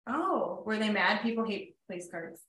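A woman co-hosting a podcast who interviews her friend, reacting often and warmly supportive. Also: medium pitch, expressive, reverberant. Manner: chatty, supportive, quick reactions. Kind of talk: casual interview chat.

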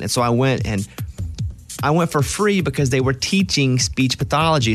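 A man hosting a morning radio show, speaking with a mild Southern accent from Arkansas. He talks in a loose, animated, self-deprecating way at a middling pitch. Faint music plays behind him in the studio. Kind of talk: casual radio talk.

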